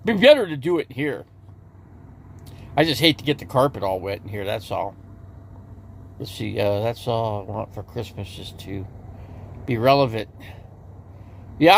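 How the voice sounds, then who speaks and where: A man with a slightly raised voice talks casually to his livestream audience from inside an RV. He rambles, doubles back and repeats words as his thoughts shift. His talk is loose and conversational, pitched a touch higher than most men's. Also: creaky, a bit bright, husky. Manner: talks straight to viewers in the chat.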